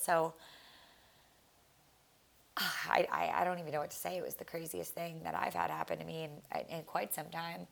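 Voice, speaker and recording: A young woman talks through a solo podcast episode, her fairly low voice grainy with vocal fry. She speaks casually and from the heart, drifting between thoughts, restarting sentences and leaning on fillers. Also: animated, moderate pace, fairly bright tone. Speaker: podcast host. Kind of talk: reflective solo podcast monologue.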